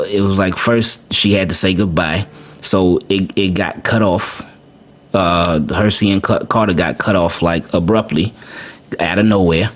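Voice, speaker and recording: A man hosting a podcast, telling a personal story casually, often repeating words and adding "man". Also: low-pitched. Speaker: podcast host. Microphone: podcast microphone.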